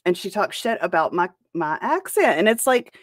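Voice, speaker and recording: Low-voiced lady host ranting blunt and salty, super dry sound. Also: big pitch swings, normal speed, no echo. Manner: blunt and profane. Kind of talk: reaction commentary.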